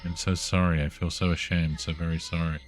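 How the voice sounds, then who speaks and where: A remorseful haunted antique doll spirit, as a man reads it aloud from a horror game. The voice is very low, slow and hushed, with a sing-song lilt to the recitation. Faint game music plays underneath. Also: level tone, close to an everyday voice. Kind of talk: reading game dialogue aloud.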